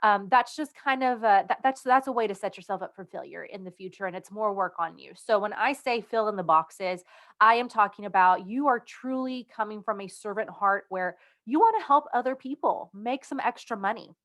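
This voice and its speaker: A woman's voice: mid-range voice, moderate pace, a bit bright. Upbeat woman coaching her sales team. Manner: upbeat, conversational, stresses key words. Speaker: direct-sales team leader. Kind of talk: casual instructional video.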